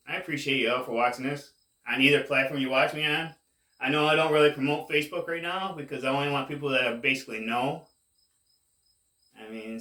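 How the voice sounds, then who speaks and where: A man casually rambling to camera as a cannabis vlogger, laid-back and drawn-out, saying "man" a lot, high while he talks. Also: bright, forceful tone, echoey room, distant mic. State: high, getting more stoned.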